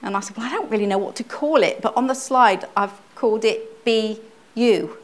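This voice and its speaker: A woman's voice: a little high, moderate pace. A middle-aged woman giving a personal testimony sermon at church, earnest and conversational, often restarting her phrases. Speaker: church speaker, pastor's wife.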